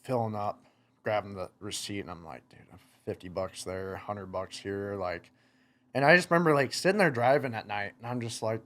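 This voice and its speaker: A young man, a podcast guest, telling stories in casual chat, animated, laughing and acting out what people said. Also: lowish voice, normal speed. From United States. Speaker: podcast guest, motocross racer. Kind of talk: casual storytelling.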